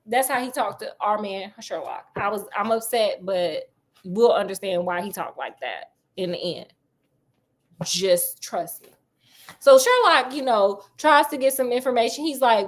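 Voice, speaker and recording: A woman's voice: mid-range voice, animated, a little slow. A woman storyteller retelling a classic detective tale in a chatty, slangy way, talking straight to her listeners.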